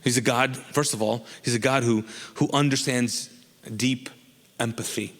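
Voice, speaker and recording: A man's voice: mid-range voice, fairly even intonation, a little slow, a bit bright, in a large hall. A man from Kuwait, a pastor preaching a sermon in a casual, joking style that often asks the congregation questions.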